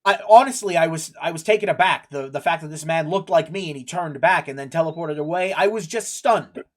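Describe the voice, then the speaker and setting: A man's voice: on the high side, fairly quick, close to an everyday voice. A man voicing a flustered young male town guard who stammers out apologies. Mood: apologetic.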